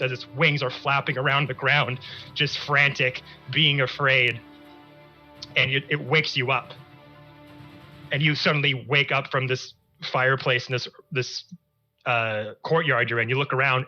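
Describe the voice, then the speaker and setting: Narrating a tabletop game as its dungeon master, this man draws out his words and unfolds every scene at a slow pace. His voice is mid-range, very bright and forward. Faint music sits beneath slightly dull audio.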